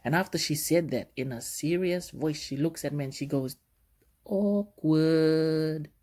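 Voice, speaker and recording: A man's voice: fairly high pitch, brisk, darkish tone. A man who works in cruise ship security, telling stories in a casual, rambling monologue full of fillers.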